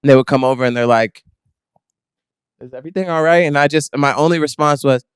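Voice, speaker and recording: Laid-back man with a smooth voice. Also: a little high, quick pace, dry recording, studio quality. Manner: laid-back, easy humor. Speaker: guest musician. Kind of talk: casual chat.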